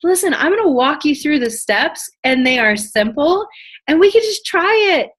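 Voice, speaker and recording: A young woman coaching her audience with bubbly, eager energy, her voice sitting a little high. She keeps slipping into quick acted-out snippets of conversation as she teaches. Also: big pitch swings, a bit bright. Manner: bubbly, enthusiastic, acts out conversations. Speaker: network marketing trainer. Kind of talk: motivational training talk.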